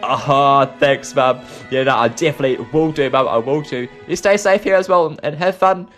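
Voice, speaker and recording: A young man, excitable and chatty, hosting an improvised game role-play. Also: mid-range voice, normal speed. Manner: excitable, chatty, lots of laughs. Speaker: video host. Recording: faint music behind.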